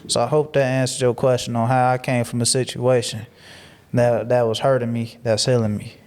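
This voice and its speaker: A man who is a guest on a casual podcast, talking in a preachy, motivational way, repeating phrases for emphasis and growing animated as he tells stories. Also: mid-range voice, fairly quick, a little hiss or hum.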